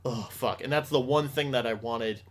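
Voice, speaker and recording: A man's voice: mid-range voice, brisk. A young man hosting a podcast, chatting casually, rambling and swearing often with lots of restarts. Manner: rambling, profane, frequent restarts. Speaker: podcast host.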